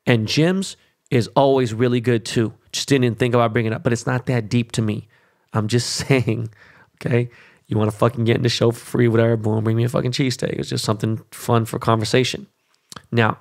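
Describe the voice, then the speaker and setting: A middle-aged podcast host from Los Angeles with a gravelly, fry-edged voice. He talks bluntly and swears freely, breaking into animated rants in a loose, casual monologue. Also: mid-range voice.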